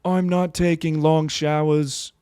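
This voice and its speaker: A young man hosting a comedy podcast, riffing casually and laughing often between loud bits and mumbled asides. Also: on the high side, little pitch movement, slow pace, smooth, no room sound, clean studio sound. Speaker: podcast host.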